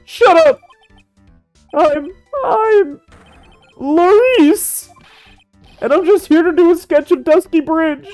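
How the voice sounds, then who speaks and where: A woman's voice: extremely high pitch, slow, long pauses, a little mellow, dry recording, soft background music, low-quality recording. A woman voicing a goofy, flustered young man in a game fan dub, stammering and gushing.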